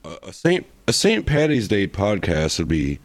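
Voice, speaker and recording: A man's voice: low voice, sing-song, normal speed, dry recording. A man chatting loosely as a podcast guest, profane and full of restarts. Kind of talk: casual podcast chat.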